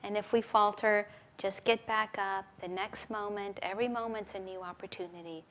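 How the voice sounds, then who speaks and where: A woman giving a relaxed, conversational sermon at a spiritual service, telling stories and laughing now and then. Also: medium pitch, moderate pace, a little hiss or hum. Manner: conversational, with laughs and acted quotes. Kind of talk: sermon with storytelling.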